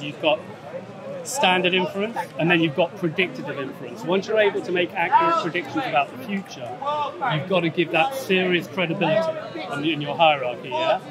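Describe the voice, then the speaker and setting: A middle-aged man in a street debate, explaining step by step and checking for agreement with "yeah?", speaking into a handheld mic outdoors. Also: on the high side. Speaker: agnostic debater. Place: outdoors in a public urban space. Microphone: handheld microphone held out by a crew member. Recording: street recording with loud crowd behind.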